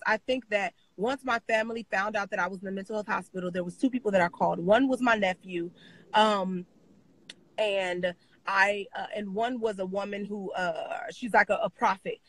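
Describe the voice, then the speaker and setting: A woman's voice: mid-range voice, a little fast, a bit bright, dry recording, low-quality recording. A woman guest in an interview, telling a personal story with emotion, repeating phrases and using many fillers, crying at times.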